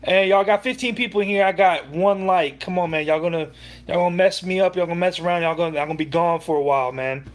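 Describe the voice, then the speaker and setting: A man's voice: high voice, steady tone, fast talker. A young man hosting a sports livestream, ranting heatedly and profanely with many restarts. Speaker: livestream host.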